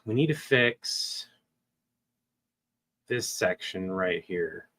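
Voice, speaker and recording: A man's voice: low voice, expressive, extremely slow, sharp tone. A man hosting a stream who casually talks through editing audio, thinking aloud with ums. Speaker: video editor, stream host.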